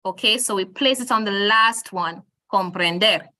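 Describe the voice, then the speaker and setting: Speaking at normal speed in a slightly high, sharp-toned voice, this Jamaican-accented woman runs a Spanish class by video call. She patiently repeats words so her students can follow.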